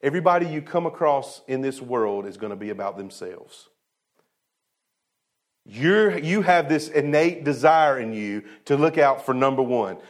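A man preaching a sermon in a casual, colloquial way, his voice swinging from loud to hushed and slowing down for emphasis, with asides to the congregation. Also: mid-range voice, lively intonation. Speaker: pastor.

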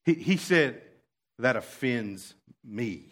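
A man preaching a sermon, dropping to quiet asides and then rising to loud, fervent passages. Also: medium pitch, lively intonation, slow, husky. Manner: swings from hushed asides to loud impassioned preaching.

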